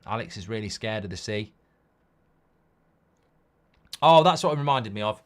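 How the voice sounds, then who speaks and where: A man hosting a football watchalong stream. He chats casually, reads viewer comments aloud and rambles through stories in a blunt way, swinging between loud outbursts and low mutters. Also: expressive, normal speed. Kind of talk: live-stream casual chat.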